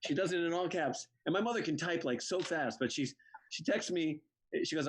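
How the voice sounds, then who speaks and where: A man's voice: on the high side, brisk, husky. A man from Connecticut telling funny family stories on a video call, full of quoted voices. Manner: animated anecdotes, playful mother impressions. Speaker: comedian.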